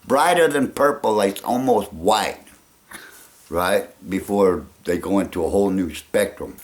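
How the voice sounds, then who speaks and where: A man with a gravelly voice talking in a rambling casual monologue, chuckling often and trailing off. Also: deep voice, animated, a little slow. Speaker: vlogger.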